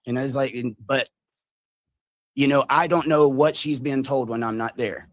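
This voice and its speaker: A man telling a long story on a livestream, animated and mimicking the people in it. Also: medium pitch, normal speed, no room sound, studio quality. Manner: animated retelling, mimics others' voices.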